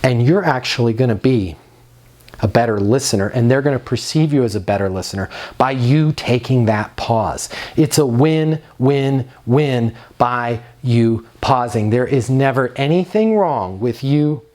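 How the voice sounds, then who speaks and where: A man's voice: mid-range voice, unhurried, darkish tone. Emphatic man giving leasing training. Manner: emphatic, direct, stretches key words. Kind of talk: motivational training talk.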